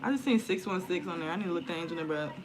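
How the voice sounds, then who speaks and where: Speaking very fast in a low-ish voice, a woman reads tarot for viewers on a home live stream, casual and slangy, swearing without restraint, over the sound of a loud crowd. She's a tarot reader and spiritual content creator, indoors next to an open window, with outdoor noise coming through it.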